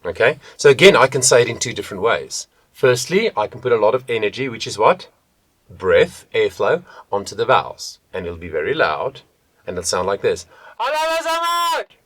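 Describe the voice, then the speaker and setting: A man working as a vocal coach, teaching vocal technique to the camera and shifting between soft and loud demonstrations. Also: lowish voice, lively intonation, a little fast, slightly rough, no room sound.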